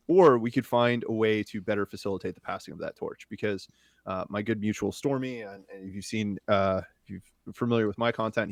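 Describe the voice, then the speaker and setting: A man with a fairly low voice, a guest on a podcast, explaining his views in an earnest, measured way. The sound is dry and close, with no room around it. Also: no room sound. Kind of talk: casual podcast conversation.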